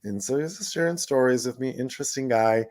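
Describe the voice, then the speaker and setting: A man co-hosting a radio talk show, telling lively stories and acting out quoted voices, often laughing. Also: mid-range voice, fast, no echo. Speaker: radio show co-host, former city council member. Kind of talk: casual storytelling radio conversation.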